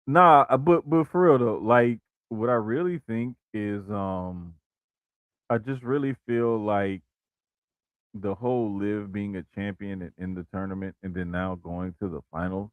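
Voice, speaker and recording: A man co-hosting a wrestling podcast talks in an easygoing, casual way, leaning on fillers and restarting his sentences. His voice is fairly low. The recording is dry and close. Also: unhurried, no echo, phone-quality sound. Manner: relaxed, repeats "bruh" and "like", restarts. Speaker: podcast co-host.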